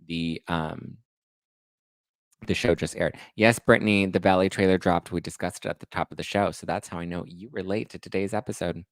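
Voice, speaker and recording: A man hosting a podcast, gossiping about reality TV with sarcastic, animated commentary and mocking high-pitched quotes. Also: moderate pace, no room sound, studio quality. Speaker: podcast host.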